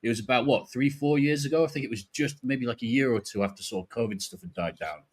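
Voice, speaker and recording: A man's voice: mid-range voice, fast, husky. A man in his forties from Yorkshire, with a faint Yorkshire accent, hosting a casual fan stream in a rambling, sweary way with easy laughs. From Yorkshire, England. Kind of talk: casual chat.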